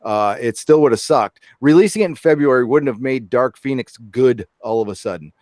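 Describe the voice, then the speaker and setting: A man's voice: mid-range voice, brisk, darkish tone, dry recording, clean studio sound. A middle-aged man hosting a casual podcast chat, rambling with lots of fillers and hedges. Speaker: podcast host.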